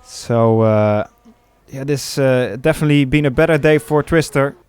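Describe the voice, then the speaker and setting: A man commentating a sim race, calling the action with many pauses and fillers. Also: medium pitch, a little mellow, clear, resonant tone. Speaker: lead commentator.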